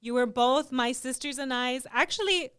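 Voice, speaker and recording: A young adult woman co-hosting a podcast, talking in an animated, chatty way with lots of "like" fillers. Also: sits high, moderate pace, smooth. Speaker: podcast co-host. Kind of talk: casual conversational chat.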